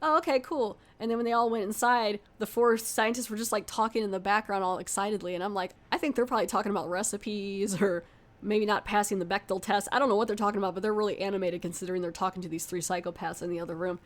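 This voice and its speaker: Woman podcast host, mid-pitch, chatty and rambly, dry sarcastic asides. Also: fairly even intonation, fast. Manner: rambling, chatty, lots of "like" fillers. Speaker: podcast host reviewing a film. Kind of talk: casual spoiler-heavy movie recap.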